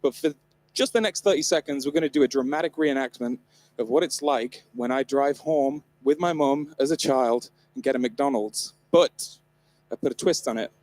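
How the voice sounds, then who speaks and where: A man's voice: mid-range voice, normal speed, darkish tone. A man from the north of England giving a comedic keynote talk on stage at a live event, irreverent, joking and swearing freely. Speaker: conference presenter.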